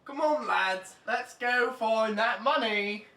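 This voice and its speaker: A woman's voice: sing-song, moderate pace. A young woman playing a blustering old con-man king. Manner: loud, boisterous, booming bluster. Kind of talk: amateur student play. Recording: distant mic with faint background noise.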